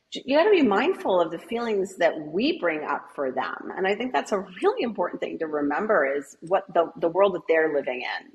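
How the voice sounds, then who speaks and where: A middle-aged woman, an author and educator, is a guest in a casual interview, acting out bits of classroom dialogue. Her voice is fairly low-pitched, and she's conversational with many fillers and quick asides. The audio quality is poor.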